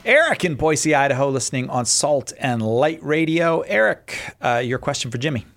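A man's voice: on the high side, sing-song, normal speed, a bit bright. A man hosting a call-in radio show, upbeat and chatty, introducing the guest and taking calls. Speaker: radio host.

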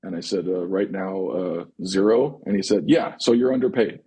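A very deep-voiced man with a rough, husky tone. He talks frankly in a loose roundtable chat and swears freely as he tells stories. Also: moderate pace, dark tone. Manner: candid, profane storytelling. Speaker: drummer guest.

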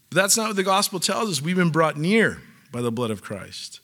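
Man, pastor, sermon, conversational, fervent emphasis, fairly high voice, forceful tone. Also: sing-song, normal speed. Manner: conversational, with casual fillers and asides; builds to emphatic, fervent preaching.

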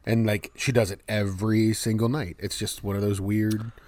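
A man's voice: fairly low pitch, level tone, moderate pace, a little mellow, dry recording. A man co-hosting a casual podcast chat, rambling with many false starts. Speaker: podcast co-host.

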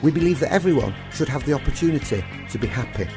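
A man's voice: medium pitch, expressive, quick pace, music in the background. A man co-hosting a scripted charity news podcast, reading in an upbeat, promotional way. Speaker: podcast co-host.

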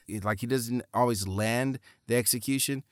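A man's voice: mid-range voice, fairly even intonation, normal speed, clean tone, dry recording, clean studio sound. Giggly man chatting about films. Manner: laughs often, loose filler-heavy talk. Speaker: podcast co-host. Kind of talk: casual movie review chat.

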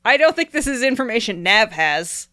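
Woman player, smooth clear voice, talkative, swears casually, narrates her character. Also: on the high side, sing-song, moderate pace, sharp tone. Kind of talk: casual tabletop play chat.

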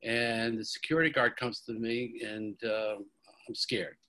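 Excitable man telling a story. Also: medium pitch, measured pace. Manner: excitable, repeats words when telling stories. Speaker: guest, company founder. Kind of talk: animated storytelling in a podcast interview.

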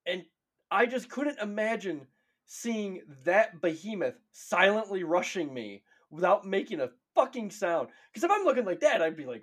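A man co-hosting a podcast in an excitable, profane, emphatic casual chat. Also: high-pitched, moderate pace. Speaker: podcast co-host.

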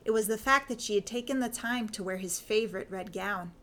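A woman's voice: medium pitch, brisk, a bit bright. Woman narrating a period story. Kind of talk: fan fiction audiobook reading.

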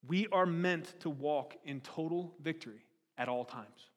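A man preaching a sermon in an animated way, firing rhetorical questions at the congregation. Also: a little high, unhurried. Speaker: pastor. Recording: long hall reverb.

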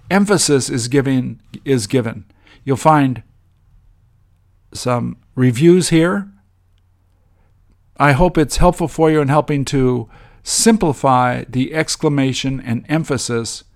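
A man teaching English grammar, walking through example sentences in a measured way with frequent ums. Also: fairly high pitch.

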